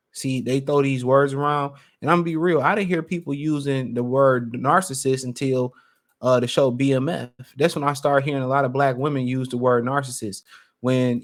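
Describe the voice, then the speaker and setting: A man's voice: medium pitch, a little mellow. A middle-aged man, giving a rambling, casual opinion monologue as a vlogger, full of fillers and restarts.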